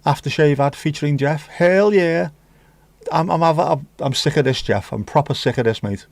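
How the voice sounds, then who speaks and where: A man's voice: fairly high pitch, normal speed, gravelly, a little mellow, dry recording. A man hosting a casual livestream, rambling and joking as he reads comments. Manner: jokey, rambling, sings snatches of songs. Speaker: livestream host. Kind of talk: casual chat reading viewer comments.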